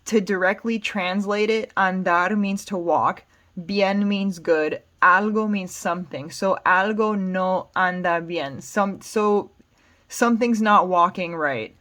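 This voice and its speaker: A woman's voice: medium pitch, slow pace, fairly bright tone. A woman with an American accent teaching Spanish, patiently explaining song lyrics word by word. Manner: patient, plain explanations with fillers.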